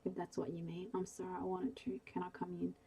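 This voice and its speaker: A woman reading the lines of a hesitant, sympathetic man in her own soft bedtime story voice. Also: fairly low pitch, completely flat delivery, a little fast, slight background noise, natural voice. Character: polite, awkward man returning to an old farm.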